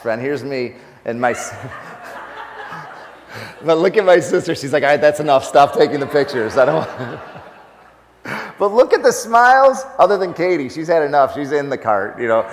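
A man telling a funny story in a sermon, laughing often and speaking with animated energy as a preacher. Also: on the high side, normal speed, big-room sound.

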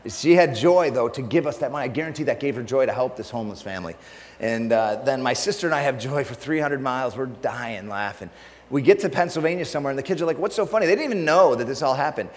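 A man telling a funny story in a sermon, laughing often and speaking with animated energy as a preacher. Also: mid-range voice, fast, long reverb tail.

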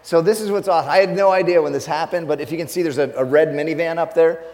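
A man telling a funny story in a sermon, laughing often and speaking with animated energy as a preacher. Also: a little high, quick pace, in a large hall.

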